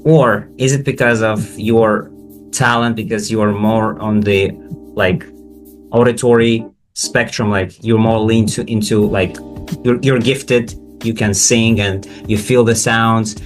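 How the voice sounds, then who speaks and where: A man's voice: lowish voice, measured pace, faint music behind. Man hosting a casual chat, hesitant. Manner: hesitant, many restarts, animated questions. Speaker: podcast host and pronunciation tutor.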